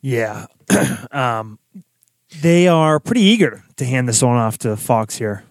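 A man's voice: mid-range voice, expressive, takes it slowly, vocal fry, no echo. A man co-hosting a podcast, casually recapping a TV episode with dry sarcasm and mock-quoted lines. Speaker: podcast co-host.

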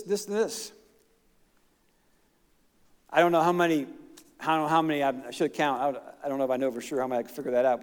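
Middle-aged pastor, folksy and emphatic, fairly high voice, ringing church hall. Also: male voice, smooth. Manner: folksy, emphatic preaching with asides to the congregation. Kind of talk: sermon. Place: church sanctuary. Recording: long reverb of a church hall.

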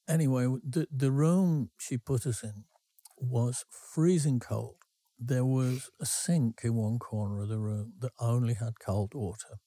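Brief: male podcast co-host, mellow, loose self-interrupting storyteller. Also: medium pitch, a little slow, dry recording. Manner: rambling, self-interrupting anecdotes. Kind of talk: casual storytelling.

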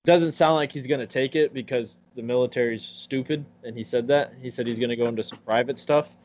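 A man's voice: mid-range voice, brisk, darkish tone. A man in his twenties chatting on a podcast, blunt and full of swearing as he rants through stories. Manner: blunt, profane ranting storyteller. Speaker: podcast co-host. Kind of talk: casual chat. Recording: muffled recording with faint hum.

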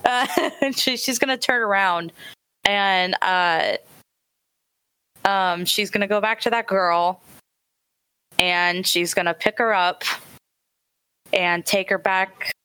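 A woman's voice: mid-range voice, slow, long pauses, bright, forceful tone, smooth, dry recording. A woman playing a tabletop role-playing game, brash and profane, swearing freely as she describes her character's actions. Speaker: player. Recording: music playing behind.

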